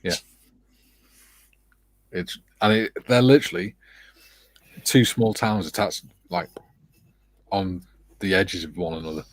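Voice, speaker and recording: A man's voice: low-pitched, takes it slowly, pauses often. An English man hosting a casual livestream chat, reading out viewer comments in a loose, amused, rambling way. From England. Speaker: livestream host. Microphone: streaming setup, video call.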